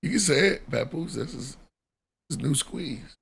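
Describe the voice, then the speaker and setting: Man, podcast host, casual chat, husky voice, laid-back, short replies. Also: fairly high pitch, animated, moderate pace, fairly bright tone.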